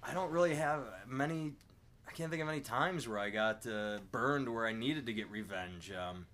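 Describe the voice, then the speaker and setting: A man's voice: medium pitch, moderate pace, a bit bright. A man hosting a podcast in casual chat, laid-back, swearing and laughing easily. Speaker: podcast host.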